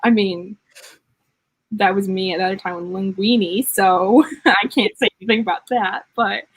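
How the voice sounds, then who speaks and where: A woman from Michigan with an accent that blends Southern North Carolina and the Midwest. Her voice is a bit husky, set in dry, close sound, and she rambles along in a self-deprecating, casual way. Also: medium pitch, steady tone, normal speed, no room sound, rough recording. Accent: mixed Southern North Carolina and Midwestern Michigan. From Michigan, USA. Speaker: co-host of a writing livestream. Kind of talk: casual chat.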